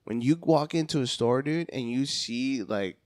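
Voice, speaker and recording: A man's voice: mid-range voice, lively intonation, normal speed, a little mellow, no echo, clean studio sound. Hyperactive swearing man telling stories. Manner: hyperactive, swearing, acts out phone calls in voices. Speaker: podcast guest, comedian. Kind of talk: casual podcast chat.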